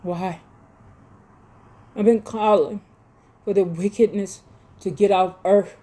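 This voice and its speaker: A woman's voice: medium pitch, steady tone, slow pace, pauses often, warm tone. A woman preaching with fervor, scolding her listeners and reading scripture aloud. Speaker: preacher speaking to followers. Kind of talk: impassioned preaching.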